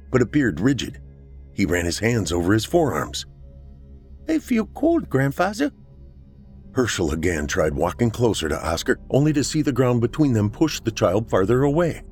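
A man narrating a horror story for a podcast in a measured, dramatic storytelling manner. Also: deep voice, a little mellow. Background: faint music.

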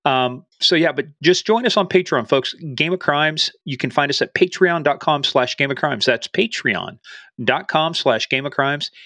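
A man's voice: on the high side, lively intonation, moderate pace, sharp tone, no echo. Male podcast host, jokey and upbeat, close dry mic. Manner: playful, jokey, drops in Spanish phrases. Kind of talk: casual podcast chat.

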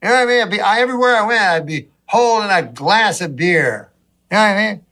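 A man doing a stand-up routine, rambling in a deadpan way toward a shouted punchline. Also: high-pitched, quick pace. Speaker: stand-up comedian.

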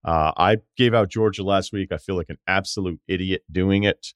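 A sports podcast host with a lowish male voice, reading out stats and then needling his guest. His tone is dry, and the recording has no room sound at all. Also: moderate pace, no echo.

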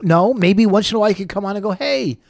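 A man co-hosting a podcast with his wife, bickering in a teasing, exasperated way and quick to defend himself. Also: sits high, fairly even intonation, no echo, studio quality. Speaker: podcast co-host. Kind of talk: bickering couple's podcast chat.

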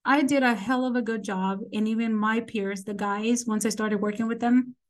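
A woman's voice: a little high, normal speed. A woman in her forties, a podcast guest, telling stories casually and acting out the people she quotes. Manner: animated, quotes people in acted voices. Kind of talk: casual storytelling interview.

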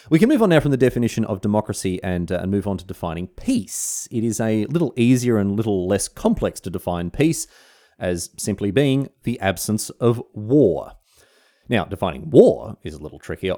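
A young Australian man hosting a history podcast, explaining ideas in a scripted but jokey way with slangy asides. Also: lowish voice. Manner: lively, jokey, mock-outraged asides with slang.

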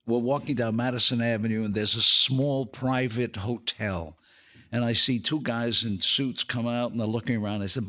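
Older man telling animated stories. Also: medium pitch. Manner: animated storyteller, laughs through his punchlines. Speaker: podcast guest, actor and comedian. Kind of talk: casual anecdote telling.

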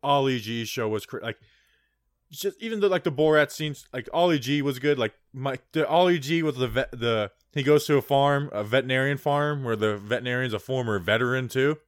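A man's voice: medium pitch, a little fast, dry recording, clean studio sound. A man co-hosting a sports podcast in casual chat, rambling and digressive, with lots of "like". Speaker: podcast co-host.

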